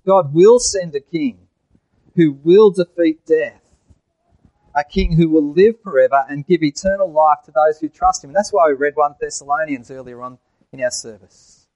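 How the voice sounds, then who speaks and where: A man's voice: a little high, normal speed, darkish tone, no room sound, lo-fi sound. A man preaching a sermon in church, asking the congregation questions and telling jokes.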